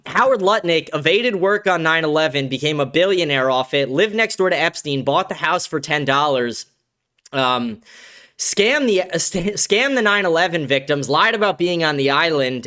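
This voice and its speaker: A man's voice: on the high side, sharp tone. A young man hosting a livestream show, ranting in a profane, aggressive, heated way. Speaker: show host. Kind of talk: livestream political rant.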